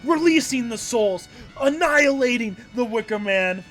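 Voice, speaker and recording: A man's voice: very high voice, animated, moderate pace, a bit bright, soft background music. A man reading a comic aloud in a loose, casual way, breaking off to comment, swear and laugh. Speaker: manga read-along host.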